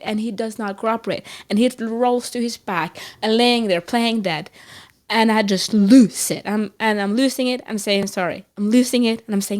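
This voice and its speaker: A middle-aged woman, co-hosting a podcast and telling an animated story with restarts and laughter. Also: fairly high pitch, normal speed. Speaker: podcast co-host. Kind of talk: casual chat.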